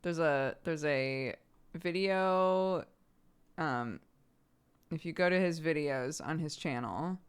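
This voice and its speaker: A woman's voice: sits low, takes it slowly, smooth. An American woman streamer chatting casually while she plays, laughing often. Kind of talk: casual chat while gaming.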